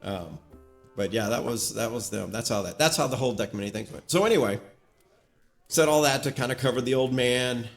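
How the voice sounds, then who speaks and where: A man's voice: mid-range voice, brisk, vocal fry, faint music behind. A man recapping a tabletop campaign as game master, telling the story casually with plenty of fillers. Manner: rambling storyteller with many fillers.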